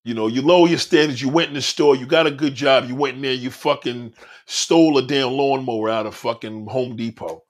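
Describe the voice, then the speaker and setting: A man's voice: mid-range voice, fairly quick. A man hosting his own podcast, talking in a blunt, profane, preachy monologue straight to his listeners. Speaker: podcast host. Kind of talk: casual monologue on a livestream.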